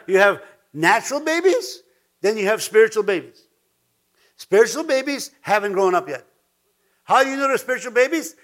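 A man's voice: high-pitched, fairly bright tone. A man preaching an informal sermon as pastor, chatty and laughing, with frequent restarts and repeated words.

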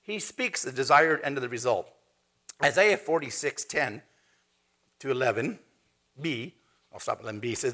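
A man preaching a sermon in a conversational, animated way, quoting scripture and talking to the congregation. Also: mid-range voice, moderate pace, long pauses.

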